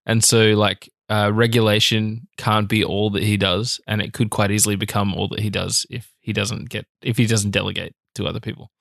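A man's voice: lowish voice, flat delivery, a little fast, creaky, hardly any pauses, fairly bright tone, dry recording. Dry, teasing male co-host. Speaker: podcast co-host. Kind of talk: casual chat.

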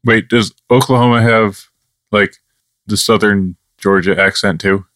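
A man's voice: on the low side, fairly even intonation, unhurried, a bit bright, no room sound. A man co-hosting a podcast in casual chat, making dry, wry, sleepy quips. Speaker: podcast co-host.

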